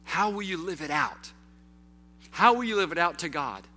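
A man preaching a sermon as pastor, rising to loud calls and dropping to a hush, putting question after question to his listeners. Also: on the high side, big pitch swings, moderate pace. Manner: preaching with sweeping swings from loud to hushed; calls out rhetorical questions to the congregation.

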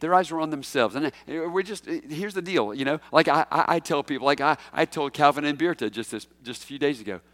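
A man preaching a sermon as senior pastor, shifting between slow emphatic phrases and quick asides, with sudden loud, high bursts when he voices a quoted figure. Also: no room sound.

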